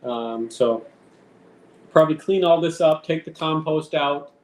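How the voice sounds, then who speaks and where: A man's voice: a little high, unhurried. A rambling man chatting from his kitchen. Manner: rambling, swears, talks to his cat. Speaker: live streamer. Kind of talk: casual stream chat. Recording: roomy with faint background noise.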